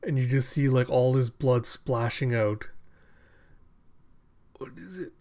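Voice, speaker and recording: A man reads through a comic at an unhurried pace, describing each panel in an amused, casual way. His voice sits at a middle pitch, and he talks like a fan sharing a favorite story. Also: dark tone. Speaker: comic reader. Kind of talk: casual read-aloud narration.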